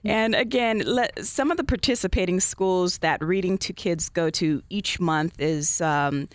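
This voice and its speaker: A woman's voice: lowish voice, a little slow, no echo. A woman radio host interviewing a guest in an upbeat, encouraging way.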